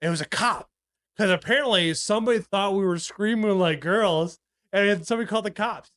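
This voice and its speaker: Guy in his 30s rambling on a podcast, swears a lot, kinda high voice, dry close mic. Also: brisk, fairly bright tone, dry recording. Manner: rambling, profane, with many restarts. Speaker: podcast co-host. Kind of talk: casual podcast chat.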